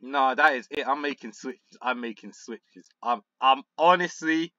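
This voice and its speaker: A young man reacts to a football management game, swinging between low, grumbling muttering and sudden exasperated outbursts. His voice has a bright, forceful edge. The sound is dry and a little dull, like a home gaming mic. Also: moderate pace, few pauses, no room sound. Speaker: gaming YouTuber.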